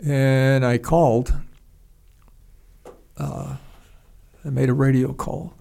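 An older man, a retired pilot, telling a story in a halting, rambling way with restarts and salty language. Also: medium pitch, fairly even intonation, gravelly, dark tone. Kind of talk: casual spoken storytelling.

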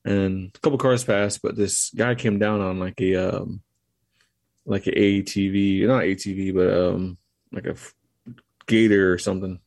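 A man as a podcast guest, casually telling a story in a halting, loose way. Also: low-pitched, steady tone, a little mellow, no room sound. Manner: halting, loose retelling of events.

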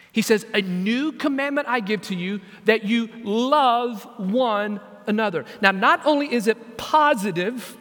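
A man preaching as senior pastor, dramatic, dropping to a hush and then rising to loud, pleading questions. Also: sits high, big-room sound. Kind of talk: sermon.

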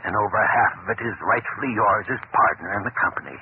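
An actor playing a gruff old businessman, speaking stiffly and stammering in a 1940s radio drama. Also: fairly low pitch, narrow, tinny audio, lightly acted. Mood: stiffly apologetic. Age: older. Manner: stiff, halting, stammers at the end. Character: gruff old male businessman turned generous. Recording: scratchy old radio broadcast, hissy.

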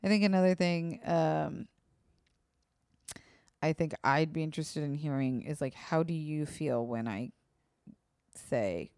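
A woman's voice: low voice, unhurried, long pauses, darkish tone, clean tone, dry recording, clean studio sound. A woman hosting a podcast, speaking frankly and emotionally about her own life, swearing freely and acting out her own quoted thoughts. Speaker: podcast host. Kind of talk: candid casual podcast talk.

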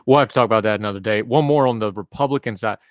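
A man's voice: lowish voice, very fast, no echo. A man co-hosting a casual political discussion, adding wry, conversational asides.

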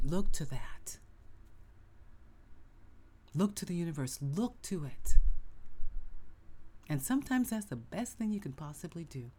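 Speaking with a low, mellow, husky voice and lively intonation, a middle-aged podcast host delivers motivational self-help content. She is unhurried and pauses often, stays emphatic and repetitive, and breaks into sudden whispers.

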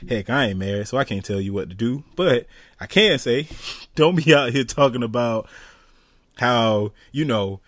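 A man co-hosting a casual podcast, talking in loose slang with a lively, swooping pitch and a quick laugh. He sounds a little stuffy from sinus trouble. The sound is dry and close, with no room around it. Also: no room sound. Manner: animated, laughs often, loose slangy talk. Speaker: podcast co-host. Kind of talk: casual chat.

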